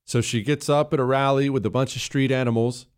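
A man's voice: medium pitch, fairly even intonation, fairly quick, clean tone. A man hosting a political commentary show, scornful and emphatic with sarcastic asides. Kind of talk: opinion commentary.

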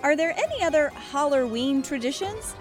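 Lady doing prim little alice, high and bouncy, super polite. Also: expressive, normal speed, soft background music. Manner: proper, earnest, polite.

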